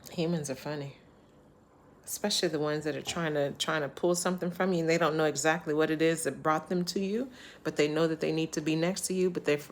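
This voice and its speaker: Woman vlogger, casual storyteller, animated and chatty, lower-pitched, quick to laugh. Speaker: travel vlogger.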